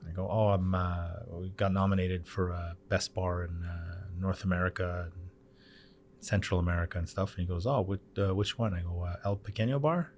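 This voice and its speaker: Low-voiced canadian guy in his 30s, bar owner on a podcast, gets animated doing everyone's voices. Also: normal speed, slight background noise. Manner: animated storyteller, acts out quoted voices. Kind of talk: casual chat.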